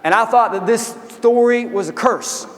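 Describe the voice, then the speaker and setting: A man who is an army veteran giving a motivational keynote speech, telling animated stories and acting out dialogue. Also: very high voice, moderate pace, long reverb tail. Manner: folksy, animated storytelling with quoted dialogue. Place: large convention hall.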